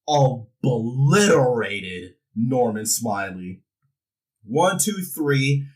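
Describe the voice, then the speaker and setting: A man's voice: mid-range voice, distant mic, low-quality recording. A man casually recapping a wrestling show, jokingly acting out the wrestlers' lines. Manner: animated, jokey, acts out wrestlers' lines. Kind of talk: casual recap with comic impressions.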